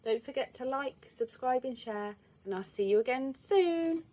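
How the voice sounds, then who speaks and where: A woman, reading a children's storybook aloud in an expressive, lively way. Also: high voice, normal speed.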